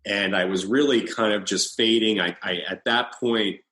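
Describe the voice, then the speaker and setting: Low-voiced man telling his story, roomy echo. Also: fairly even intonation, bright, forceful tone. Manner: halting, with many restarts and fillers. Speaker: interview guest. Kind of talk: personal storytelling in conversation.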